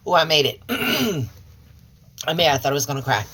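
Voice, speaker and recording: Her voice is low-pitched, sing-song, and slightly rough, moving slowly with frequent pauses. She's a Chicago channel host who reads tarot and oracle cards, chatting casually to camera with warm sincerity and calling everyone y'all and honey.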